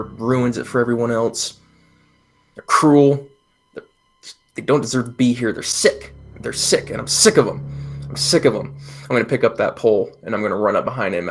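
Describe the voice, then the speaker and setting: A man's voice: medium pitch, fairly quick, vocal fry, faint music behind. A man playing in a tabletop game, talking out his character's actions in an intense way. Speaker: player. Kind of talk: tabletop role-play, in character.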